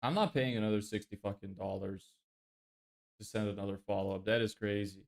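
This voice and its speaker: A man's voice: fairly low pitch, fairly quick, creaky. A young man casually chatting on a live stream, exasperated and swearing often as he answers viewers. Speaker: livestreamer.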